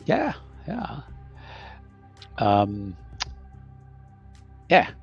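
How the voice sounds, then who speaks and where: A man's voice: mid-range voice, wildly swooping pitch, very slow, gravelly. A man narrating as game master of a tabletop game, rambling with many fillers. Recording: muffled audio with faint music.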